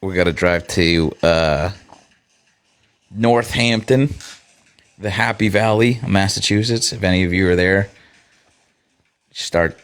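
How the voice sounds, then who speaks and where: A man's voice: deep voice, clear, resonant tone. A man hosting a casual livestream, chatting with viewers in a sarcastic, profane way. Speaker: livestream host.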